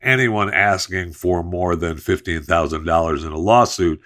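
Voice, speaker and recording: A man's voice: deep voice, fairly bright tone. A man hosting a podcast, reading an ad and chatting about the news in a jokey, chatty way. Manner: chatty, jokey, drawn-out emphasis. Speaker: podcast host. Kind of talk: casual host-read ad and news chat.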